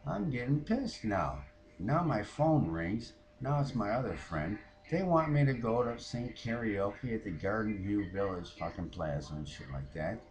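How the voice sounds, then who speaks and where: A man's voice: lowish voice, very animated, a little slow, music in the background. A man playing a foul-mouthed, fed-up woman who rants about her neighbors in a comic monologue. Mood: exasperated. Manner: profane, ranting, mimics others.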